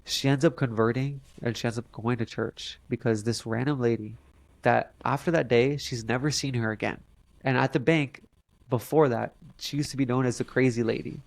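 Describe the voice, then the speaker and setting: A young man, a podcast guest, telling a long story in a halting way with many fillers and restarts. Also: mid-range voice, steady tone, creaky, dry recording. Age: young adult. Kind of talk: casual storytelling interview.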